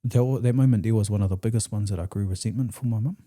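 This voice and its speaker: A man's voice: fairly low pitch, rapid-fire, mellow. A man with a New Zealand accent, a podcast guest telling his personal story in a raw, emotional way, swearing freely and re-enacting past conversations.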